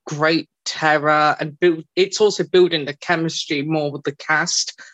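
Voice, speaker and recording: A man's voice: on the high side, fairly even intonation, fairly bright tone. A man co-hosting a podcast, chatting eagerly about the show. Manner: eager, chatty, quick to laugh. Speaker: podcast co-host. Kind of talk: casual podcast chat.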